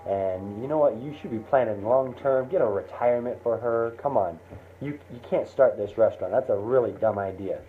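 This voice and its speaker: A man's voice: medium pitch, a little fast, slight background noise, natural voice. A man voicing a stern, protective middle-aged father-in-law who lectures and scolds, over a tinny phone-like line. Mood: scolding.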